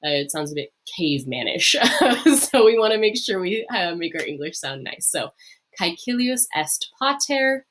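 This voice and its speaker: A woman with a slightly low voice leads a recorded online lesson. She says phrases slowly and clearly for learners to repeat. In between she explains them in a friendly, informal way, with the odd um and uh. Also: expressive, slight background noise. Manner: slow, drawn-out modelling of phrases to repeat. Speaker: Latin teacher.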